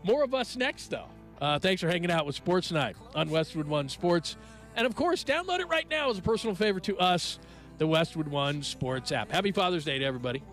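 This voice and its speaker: A man hosts a sports talk show in a loose, joking way, quick with asides and laughter. His voice is bright and a little gravelly, pitched on the higher side. A faint music bed sits low behind him. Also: big pitch swings. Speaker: radio sports show host. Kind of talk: casual sports radio banter.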